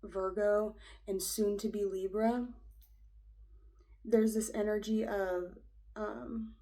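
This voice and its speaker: Young woman muttering thru an astrology chart, lots of likes and ums, soft warm voice, whispers sometimes. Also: medium pitch, little pitch movement, slow, rough recording. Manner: rambling, hesitant, easily frustrated, often drops to a whisper. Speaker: astrology reader. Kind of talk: casual astrology vlog, thinking aloud.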